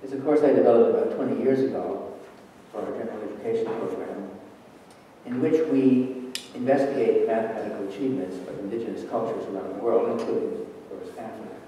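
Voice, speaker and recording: An older man with a low, mellow voice gives a wry, wandering lecture on mathematics. He is recorded from a distance in a big, echoing hall, with faint room ambience behind him. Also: fairly quick, a little hiss or hum. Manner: dry, wry, digressive lecturing. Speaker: math professor giving a lecture. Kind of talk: public lecture with poetry reading.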